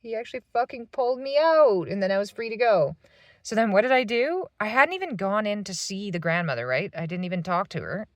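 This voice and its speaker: A woman's voice: mid-range voice, expressive, a little fast, no echo. A woman in her thirties venting in a rambling, swearing monologue from a parked van. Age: 30s. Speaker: vlogger.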